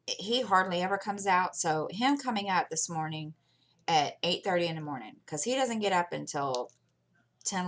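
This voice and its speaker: Working on a craft for her channel, a middle-aged female host chats casually and tells meandering stories. She speaks with a fairly low pitch and a slightly bright tone.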